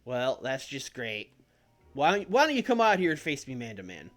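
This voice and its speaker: A man's voice: medium pitch, wildly swooping pitch, moderate pace, a bit bright, soft background music. A man voicing a brash, overexcited male pro wrestler cutting a promo. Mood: taunting. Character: cocky loud male pro wrestler recruiting rivals.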